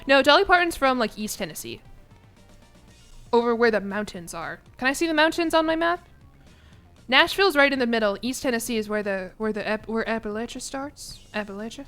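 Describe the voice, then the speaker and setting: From her home apartment, a young woman talks casually to her stream chat in a slightly high, fairly bright voice. She's chatty, laughs often and drops casual swears, while faint music plays behind her.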